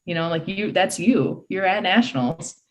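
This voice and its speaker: Excited young woman telling a story. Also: on the low side, moderate pace. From Michigan, USA. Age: early 20s. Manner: excited, breathless retelling with many "like" fillers. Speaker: podcast guest, college swimmer. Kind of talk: casual storytelling.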